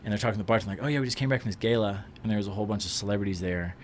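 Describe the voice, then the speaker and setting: A man and actor, a podcast guest, telling an animated story in casual chat and acting out what people said. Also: on the low side, rapid-fire, a little hiss or hum. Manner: animated anecdote-telling, acts out quotes.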